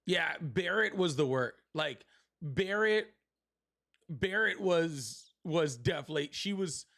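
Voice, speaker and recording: High-voiced profane livestream host. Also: male voice, expressive, slow, a bit bright. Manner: profane, sardonic, rambling. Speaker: livestream political show host. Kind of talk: casual live-stream talk. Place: at home, seated.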